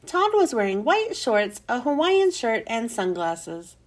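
A woman reading a children's chapter book aloud, slow and expressive. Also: fairly high pitch.

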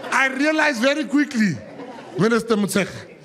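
A man's voice: extremely high pitch, lively intonation, moderate pace, a bit bright, some chatter behind. A South African man, a government minister, giving a humorous public speech full of joking anecdotes and emphatic quoted asides.

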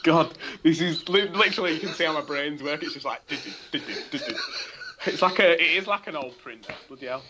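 A man's voice: on the high side, fast talker, hardly any pauses, background noise. A man co-hosting a podcast, giggly, flustered and self-mocking, with a tickly throat that makes him cough. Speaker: podcast co-host. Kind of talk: casual podcast banter.

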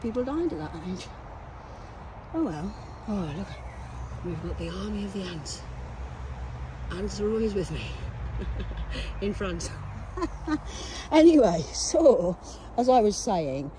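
A hoarse woman filming herself outdoors at a cemetery on a phone, rambling to camera in a profane and agitated way and coughing now and then. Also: mid-range voice, sing-song, slow, pauses often, slight background noise. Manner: profane, agitated and loud, veering off topic. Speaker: vlogger.

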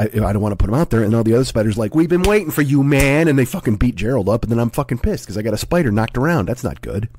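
A man's voice: medium pitch, dark tone, husky, no room sound, clean studio sound. A middle-aged man telling a rambling, profane comic story as a podcast host, with a casual monologue style.

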